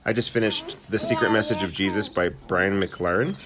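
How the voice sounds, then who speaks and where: Deep-voiced man chatting casually. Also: steady tone, normal speed, crowd noise. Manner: rambling, hesitant, dry sarcasm. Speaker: podcast co-host. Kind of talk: casual chat.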